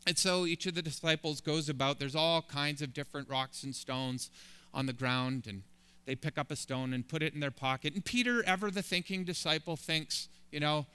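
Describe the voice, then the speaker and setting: A man's voice: a little high, fairly quick, sharp tone, clean tone. A man preaching a sermon as a pastor, building emphatic, rising lists of phrases.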